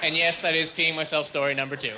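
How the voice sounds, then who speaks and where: A man's voice: a little high, little pitch movement, fast talker. A man doing a stand-up comedy set on a club stage, rambling through his stories and acting out the voices of the people in them. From Canada. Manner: rambling storyteller, acts out quoted voices. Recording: live club recording, loud crowd noise. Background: audience laughter.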